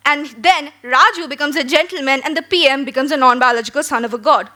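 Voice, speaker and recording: A woman's voice: high-pitched, bright, forceful tone. A young woman from India giving an emphatic, rhetorical competitive debate speech at a school debate. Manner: emphatic, rhetorical, with dramatic pauses and questions.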